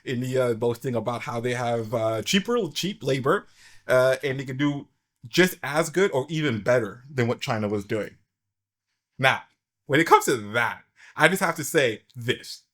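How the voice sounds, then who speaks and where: A man's voice: medium pitch, expressive, normal speed, a bit bright. A man hosting a casual opinion chat, rambling with many fillers and restarts. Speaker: podcast host.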